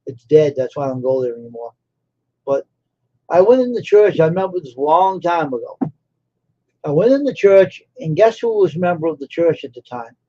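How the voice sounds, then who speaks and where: Guy on a stream telling a story, kinda high voice, repeats himself a lot, dull lo-fi sound. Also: sing-song, moderate pace, mellow. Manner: rambling, repeats phrases for emphasis. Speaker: live stream host. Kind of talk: casual storytelling.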